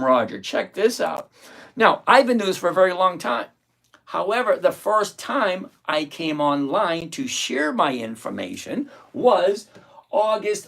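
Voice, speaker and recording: An older man hosting a live trading stream, walking viewers through his numbers in an animated, defiant, teasing way with a husky voice. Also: a little high. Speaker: trading livestream host. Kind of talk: live screen-share walkthrough.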